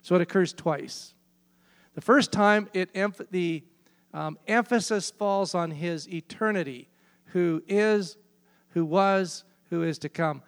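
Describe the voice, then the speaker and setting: Man preaching a sermon, high voice, long hall reverb; emphatic, hammers key phrases. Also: slow, clean tone.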